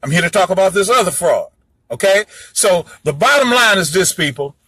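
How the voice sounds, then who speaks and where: A man's voice: high voice, animated, moderate pace, bright, forceful tone, breathy edge. A man giving a heated solo monologue to his audience, ranting in a fiery, profane, preachy way. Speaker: host lecturing his audience.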